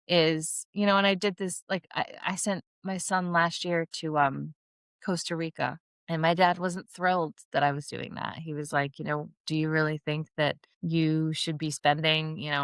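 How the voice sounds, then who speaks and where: A middle-aged woman hosts her own podcast in a casual solo monologue, rambling candidly and swearing freely. Her voice sits on the low side with a slightly bright quality, captured in a dry recording.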